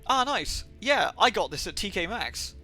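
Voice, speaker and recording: A woman's voice: medium pitch, big pitch swings, moderate pace, sharp tone, faint music behind, pitched above the performer's own voice, full character voice. A man voicing a breezy young woman shoplifter, talking slangy and offhand. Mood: cheeky.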